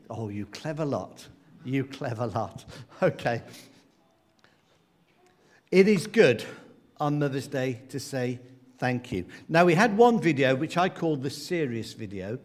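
A man with a slightly raised voice leads a playful hands-up quiz for a family congregation. He coaxes the children along in a light, teasing way. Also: fairly high pitch. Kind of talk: lively talk to a family congregation.

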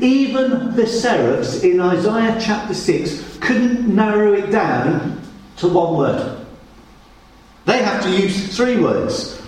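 A man's voice: sits high, a little mellow. A man preaching a sermon with emphatic repetition, recorded from a distance in a church hall. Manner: emphatic, repeats words for weight. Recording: echoey hall, distant mic.

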